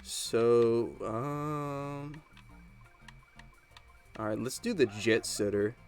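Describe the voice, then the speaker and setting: A man's voice: medium pitch, very slow, darkish tone, faint music behind. A man giving casual gameplay commentary, rambling and chatty as he tells stories while he plays. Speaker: gaming channel host.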